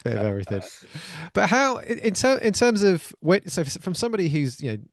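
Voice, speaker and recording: A man from Wales, hosting a podcast and asking rambling, animated questions. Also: high voice, a little fast, a crowd in the background. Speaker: podcast host. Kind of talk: casual podcast interview.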